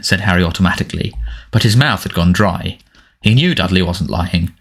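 A man narrating a storybook in an expressive, dramatic reading style. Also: low voice, brisk, creaky, husky. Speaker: audiobook narrator.

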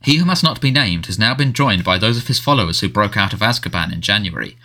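A man voicing a harried middle-aged male wizard minister who sounds defensive and fretful, talking quickly and pleadingly. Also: fairly low pitch, lively intonation, pushed and bright.

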